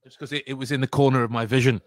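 A man's voice: medium pitch, fairly even intonation, rapid-fire, no echo. Stammering man in casual chat. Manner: stammering, repeats words, laughs often. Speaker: podcast host.

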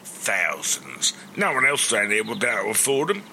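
An actor playing a shifty swindler in a radio sitcom, with smooth, wheedling sales patter. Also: male voice, on the low side, wildly swooping pitch, normal speed, background noise, full character voice. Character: shifty London wide-boy swindler.

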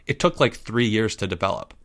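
A man voicing a boy who explains things quietly and matter-of-factly. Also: on the low side, lively intonation, a little fast.

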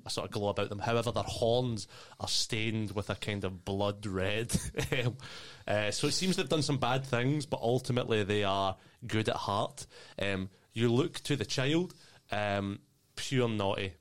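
A man with a fairly low voice narrates as game master of a tabletop game. His delivery is loose and casual, full of ums and uhs, and he breaks into laughter often. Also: moderate pace.

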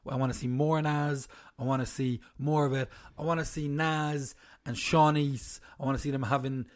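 A man's voice: medium pitch, steady tone, moderate pace, dry recording, clean studio sound. A young man co-hosting a podcast, chatting casually and teasing his co-host. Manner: joking, teasing. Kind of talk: casual chat.

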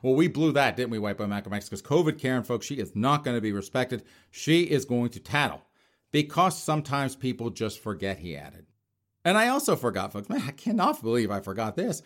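A man's voice: medium pitch, big pitch swings, fairly quick. A man hosting his podcast in a casual monologue, mocking and laughing often. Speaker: podcast host.

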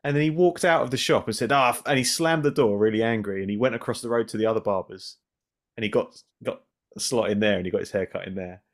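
A man co-hosting a casual podcast chat, rambling through anecdotes and getting animated as he laughs. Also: lowish voice, fast. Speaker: podcast co-host.

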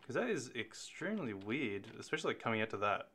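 A man's voice: medium pitch, big pitch swings, fast, a bit bright. A man hosting a casual chat, easygoing, with brief remarks and questions. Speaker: podcast host.

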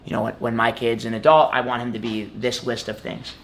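Over a noisy background, a young man who wrestles in college talks as an interview guest in a mid-range voice with little pitch movement. He's brisk and casual, rambling and tossing in lots of "like" and "you know."

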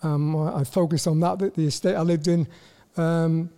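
This is a Welsh man in his sixties, chatting as an interview guest. His voice sits high but sounds soft and mellow. He stumbles and restarts often, repeating words in a self-deprecating way. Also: fairly even intonation, normal speed. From Wales. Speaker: guest, former footballer. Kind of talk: casual interview chat.

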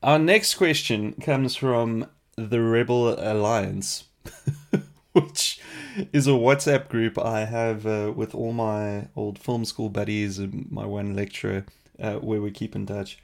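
A man hosting a casual question-and-answer podcast, chatty and animated, laughing often. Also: fairly low pitch, slow pace, vocal fry. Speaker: podcast host.

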